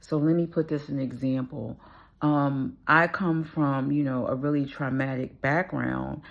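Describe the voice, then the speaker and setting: A woman's voice: a bass voice, fairly even intonation, unhurried, vocal fry, dull audio. A woman, a practicing attorney, telling her personal story earnestly and reflectively, with frequent "you know" fillers. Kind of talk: personal testimony vlog.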